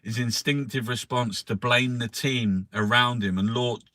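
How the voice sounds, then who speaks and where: A man hosting a casual newspaper review. He swears constantly, rambles with lots of restarts and fillers, and reads headlines out louder. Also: fairly even intonation, a little slow, no echo. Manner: louder and higher when reading headlines. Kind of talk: casual live-stream chat, reading headlines aloud.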